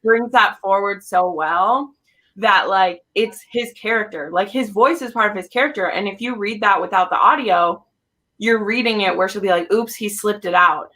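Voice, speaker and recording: Woman host, bright and animated, gushing casual chatter. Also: mid-range voice, moderate pace. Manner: gushing, animated, filler-heavy. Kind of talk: casual group chat.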